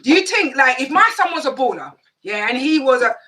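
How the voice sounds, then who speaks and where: Emphatic woman co-host, high lively pitch. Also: a little fast. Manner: emphatic, chimes in with agreement. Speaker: radio show co-host. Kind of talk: impassioned show chat.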